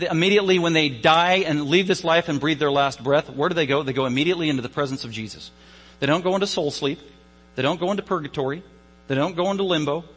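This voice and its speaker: A man's voice: on the high side, a bit bright, breathy edge, long reverb tail, low-quality recording. A man preaching an Easter sermon as a pastor, emphatic and repeating phrases for stress.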